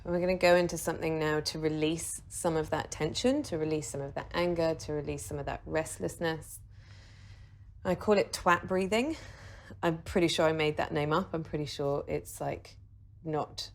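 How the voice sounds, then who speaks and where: Chatty woman leading meditation. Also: sits low. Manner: chatty, laughing, swears casually. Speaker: meditation teacher. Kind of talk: casual guided meditation. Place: video shoot with a videographer.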